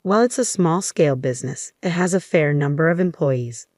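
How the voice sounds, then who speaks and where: A woman narrating a scripted first-person story in a steady, even reading voice. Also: low-pitched, a little fast, no echo, studio quality.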